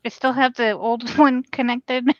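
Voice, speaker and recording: Woman co-host, playful storyteller, slightly high voice, dull lo-fi sound. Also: little pitch movement, unhurried. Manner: laughs often, joking and storytelling. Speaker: podcast co-host. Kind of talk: casual chat.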